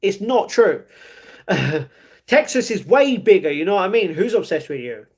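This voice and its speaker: London guy, young, high voice, easygoing livestream host reading chat. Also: sing-song, normal speed, slightly rough. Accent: London English. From England. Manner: chatty, reads comments aloud and answers them. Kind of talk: casual live chat.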